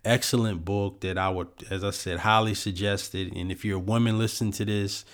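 A man's voice: on the low side, steady tone, a little fast. Earnest man hosting a book podcast. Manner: earnest and reflective, frequent "you know" fillers. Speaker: podcast host reviewing a book. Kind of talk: solo podcast book review.

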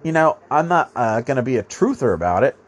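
This podcast host talks fairly quickly in a very animated, mid-range voice with a slightly nasal edge. His monologue rambles, full of profanity and sentences he begins over again.

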